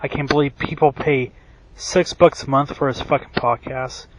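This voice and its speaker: A man's voice: medium pitch, steady tone, moderate pace, a little hiss or hum, poor audio. A man ranting in a rambling, profane monologue, full of fillers and restarts, who says his own voice is bad. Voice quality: self-described bad voice. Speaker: wrestling commentary vlogger.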